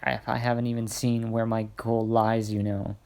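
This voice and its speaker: A man voicing a brash young male fighter in a fan-made story, reading his lines haltingly. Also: mid-range voice, level tone, gravelly, a little mellow, natural voice. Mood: earnest.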